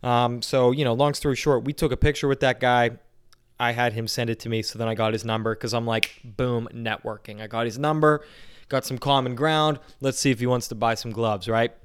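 A man's voice: mid-range voice, steady tone, a little fast, clear, resonant tone. A young man telling a long casual story, rambling with lots of fillers like "you know what I mean". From Pittsburgh area, Pennsylvania.

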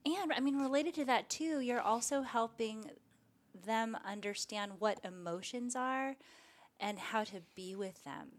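A woman speaking as a meditation teacher in an interview, gentle and thoughtful, growing animated when she tells stories. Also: a little high, a little slow. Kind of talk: conversational interview.

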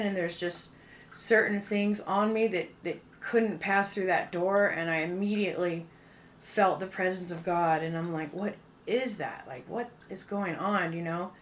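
A woman's voice: on the low side, moderate pace, a little hiss or hum. A young woman casually telling a personal testimony, full of fillers and acted-out quotes. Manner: fillers like "um" and "like", animated quoting. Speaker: guest sharing testimony. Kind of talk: casual storytelling.

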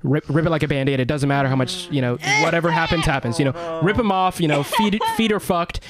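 A man co-hosting a casual radio talk show, telling an animated story full of swearing, shouting out the dramatic parts. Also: fairly high pitch, quick pace, over a noisy crowd. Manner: animated, swearing, acts out his own yelling in the story.

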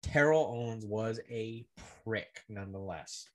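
A young man co-hosting a casual sports podcast, blunt and animated, swearing casually and laughing through his stories. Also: fairly low pitch, a little slow. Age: young adult. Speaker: podcast co-host.

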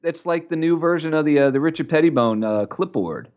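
Lively, joking man on a lo-fi podcast. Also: a little high, fairly quick. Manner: joking, teasing, chanting. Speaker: podcast co-host. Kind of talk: casual sports podcast banter. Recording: lo-fi, muffled mic.

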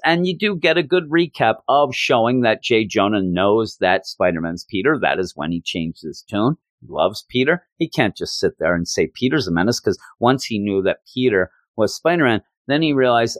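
Low-voiced man retelling a comic. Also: no room sound. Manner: animated retelling, quoting characters in quick bursts. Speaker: podcast host. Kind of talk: casual comic book review.

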